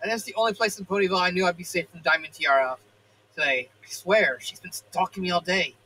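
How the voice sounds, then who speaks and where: A man's voice: sits high, quick pace, pushed and bright, a little hiss or hum, low-quality recording. A man reading as a brash tomboy filly. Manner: cocky and jumpy.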